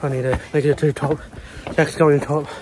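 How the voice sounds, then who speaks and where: A man's voice: on the high side, level tone, brisk, background noise. Breathless young man vlogging on a climb. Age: 20s. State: out of breath and sweating. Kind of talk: casual vlog chat to camera. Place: outdoors, climbing long shrine stairways.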